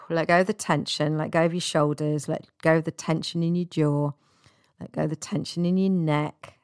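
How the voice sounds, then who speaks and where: A woman hosting a self-help podcast, talking gently and casually and laughing at herself now and then. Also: deep voice, no room sound, studio quality. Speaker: podcast host.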